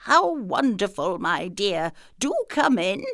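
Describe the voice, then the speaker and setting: A crafty storybook wolf voiced by a woman who disguises his growl under a sweet, croaking granny voice. He drags out each line with a lilting, sing-song sway. The sound is close and dry. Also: medium pitch, very animated, takes it slowly, fairly bright tone, no room sound, exaggerated voice. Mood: sugary. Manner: sly, sugary, croaking. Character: crafty male wolf faking a sweet grandma voice. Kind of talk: storybook reading for children.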